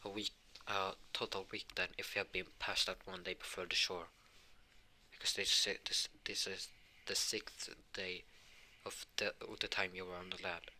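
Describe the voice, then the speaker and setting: A man's voice: deep voice, flat delivery, normal speed, pushed and bright, slight background noise. A man voicing a patient adult male commander of a kingdom's forces, explaining in a plain, rambling way.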